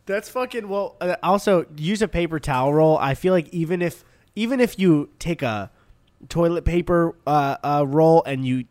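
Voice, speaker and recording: A man's voice: fairly high pitch, moderate pace, darkish tone, dry recording. A young American man co-hosting a podcast, chatting casually and joking in a rambling way. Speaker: podcast co-host. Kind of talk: casual chat.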